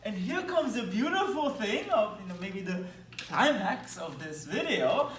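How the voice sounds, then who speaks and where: A man with a Belgian accent explains math at a whiteboard with enthusiasm and little playful asides. His pitch swings lively up and down while he keeps a slow, deliberate pace. The sound is roomy and echoey, picked up from a distance with a faint hum behind. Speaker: math lecturer. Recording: echoey room, mic at a distance.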